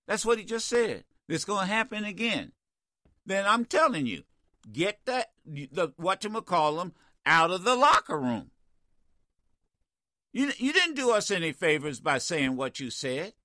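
A man hosts call-in radio, and he argues in a forceful, emphatic way, circling back over his points. His voice sits a bit high and swings widely in pitch. It is recorded close and dry in the studio. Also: big pitch swings, a little slow, no echo. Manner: combative, emphatic, repeats himself. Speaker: radio talk show host.

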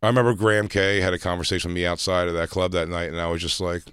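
A man's voice: deep voice, little pitch movement, fairly bright tone, clear, resonant tone, no echo. A man co-hosting a comedy talk show, chatting casually and frankly in a rambling way with lots of fillers, recorded in a radio studio. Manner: rambling, fast, frank storytelling with many fillers. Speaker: podcast co-host, comedian. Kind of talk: casual chat. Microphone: studio microphone.

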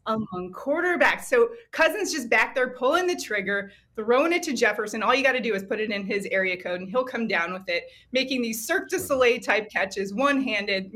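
A woman guest on a sports show, excitedly breaking down football stats and betting lines. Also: mid-range voice. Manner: excited, stat-heavy, quick to laugh. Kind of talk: sports analysis talk.

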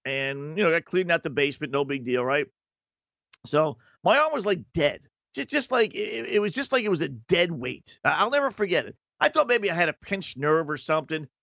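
A man's voice: fairly high pitch, expressive, moderate pace, creaky, a bit bright, no echo, highs cut off. A middle-aged man hosting a radio show, telling a long personal story in a chatty, self-mocking way. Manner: chatty and self-mocking, acts out quoted people. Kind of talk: casual storytelling monologue.

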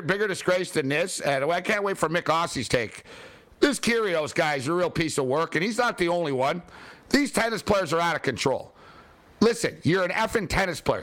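High-voiced man ranting about sports. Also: moderate pace. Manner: animated, ranting, lots of "like" fillers. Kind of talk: casual sports rant.

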